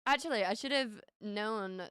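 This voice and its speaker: A woman's voice: mid-range voice, moderate pace, fairly bright tone, smooth, no echo, clean studio sound. A woman from the North of England with a Northern English accent, chatting casually with viewers on a live stream, laughing often and repeating words as she restarts sentences.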